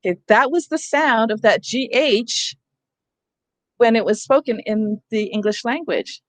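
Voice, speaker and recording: A woman's voice: on the high side, unhurried, no echo. A woman leading a teacher training session on reading, explaining in a conversational way and often checking in with her listeners. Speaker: literacy trainer.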